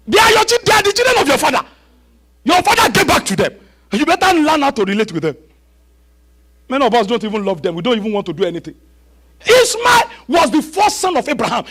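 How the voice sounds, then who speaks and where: A pastor preaching a live church sermon, often shouting and repeating refrains as he leads prayer. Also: extremely high pitch, low-quality recording. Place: church service.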